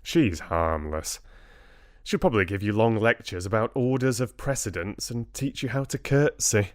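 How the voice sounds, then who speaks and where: A man's voice: on the low side, lively intonation, moderate pace, no room sound, studio quality, close to an everyday voice. A man voicing a posh young prince, clipped and irritable yet fond, with a British accent. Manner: clipped, upper-class.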